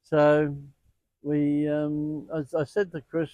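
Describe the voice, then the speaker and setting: Older man telling a story, mellow. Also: a little high, slow pace, no echo. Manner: animated anecdotes with quoted dialogue. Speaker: guest, sound healing center owner. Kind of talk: storytelling in an interview.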